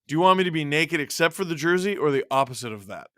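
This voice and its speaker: Excitable man calling a live game. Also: on the high side, fast, smooth, no echo, studio quality. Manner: excitable, yelps and shouts at big plays; jokey banter with chat. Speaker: streamer and show host. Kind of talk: live watch-along commentary, reading chat.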